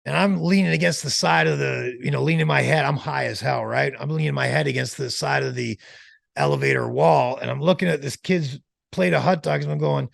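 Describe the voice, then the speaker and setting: A man telling a long, animated anecdote as an interview guest, in a slangy, casual way. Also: medium pitch, fairly quick, gravelly, dry recording, studio quality.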